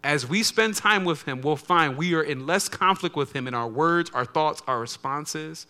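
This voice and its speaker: Bright-voiced preacher man. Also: fairly high pitch, lively intonation, moderate pace. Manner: conversational preaching, swings between soft and loud. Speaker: pastor. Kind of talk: sermon.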